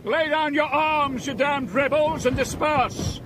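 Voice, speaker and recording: A man voicing an angry British officer who shouts and curses orders. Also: very high voice, measured pace, background noise, pitched above the performer's own voice. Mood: furious commanding. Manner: shouting, cursing.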